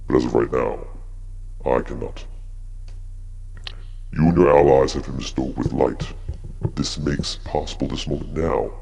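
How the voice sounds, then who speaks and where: A man's voice: steady tone, a little slow, long pauses, darkish tone, exaggerated voice. A man voicing an ancient spirit that speaks in solemn rhyming pronouncements and gives out a quest. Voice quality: deep gravelly.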